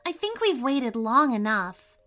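A woman voicing a curious young girl adventurer who talks in a gushing, excitable way. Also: a little high, unhurried, faint music behind, full character voice. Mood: excited.

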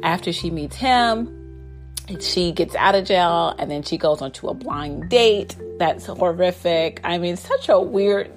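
A woman's voice: fairly low pitch, lively intonation, measured pace, soft background music. A woman casually recapping a TV drama, chatty, full of fillers and restarts, often laughing. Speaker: drama reviewer.

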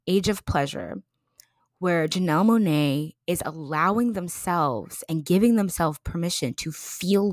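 A young woman from the United States hosting a podcast in casual chat, effusive and emotional, moving between quick excited bursts and slow, soft passages. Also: on the low side, no echo, clean studio sound. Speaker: podcast host.

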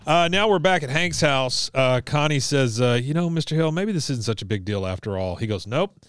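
A man co-hosting a casual podcast, retelling a cartoon episode scene by scene in a relaxed, chuckling way. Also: medium pitch, a little fast, smooth. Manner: laid-back storytelling, quoting characters, chuckling often. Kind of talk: casual chat.

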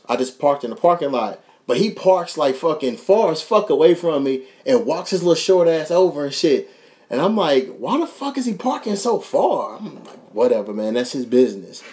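A young man from Kentucky with a Kentucky accent, hosting a podcast and telling a profane, animated story with voices for the people in it. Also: a little high. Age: young adult. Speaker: podcast host. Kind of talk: casual storytelling.

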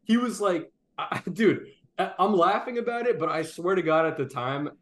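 A man telling a story in casual chat, swearing freely and acting out shouted quotes. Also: high-pitched, lively intonation, normal speed. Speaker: podcast co-host telling a story.

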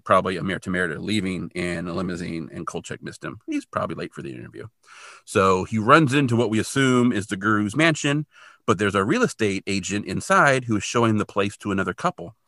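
A man with a rather low, bright, forceful voice talks through a TV episode in a loose, chatty way. He leans on fillers and pokes fun at himself as he goes. The sound is close and dry, with no room around it. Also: no room sound. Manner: chatty, filler-heavy, self-deprecating. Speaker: podcast co-host. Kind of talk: casual episode recap.

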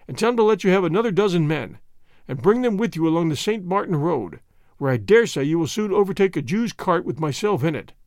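A man's voice: fairly high pitch, no room sound, clean studio sound. A man voicing a stern, cunning official who gives orders and threats in a cold, commanding way.

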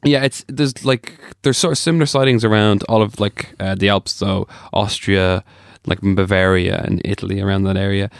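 A man's voice: lowish voice, steady tone, moderate pace, creaky, hardly any pauses, no echo, clean studio sound. A young man co-hosting a podcast in casual chat, rambling and joking with lots of fillers. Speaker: podcast co-host.

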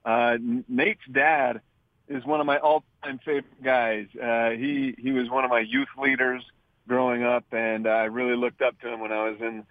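A man's voice: medium pitch, level tone, moderate pace, dry recording. Male phone-in guest, rambling, tinny phone line. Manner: rambling, hesitant fillers. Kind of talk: casual interview.

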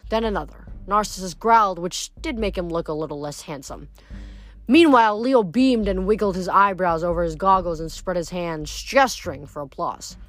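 A woman reading a novel aloud, expressive, sometimes stumbling and correcting herself. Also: fairly low pitch, no echo. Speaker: reader.

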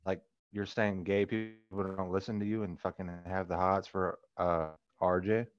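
A man's voice: sits low, flat delivery, moderate pace. A man on a podcast, rambling through casual comedic chat with lots of "like" fillers. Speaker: podcast co-host. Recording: dull lo-fi dry sound.

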